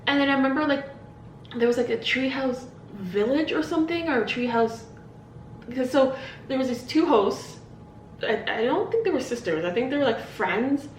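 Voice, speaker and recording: A young woman talks through a casual solo podcast, rambling from thought to thought with plenty of "like" and restarts. Her voice sits a touch high, and the room bounces it back with a light hum underneath. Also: animated, normal speed, distant mic. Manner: rambling, chatty, full of "like" and self-interruptions. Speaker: podcast host. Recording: echoey room, voice a bit off-mic.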